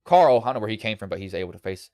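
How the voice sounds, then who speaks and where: A man's voice: lowish voice, animated, rapid-fire, dry recording, lo-fi sound. A male sim racing broadcaster with a slight country lilt, giving a casual, rambling post-race recap over a headset.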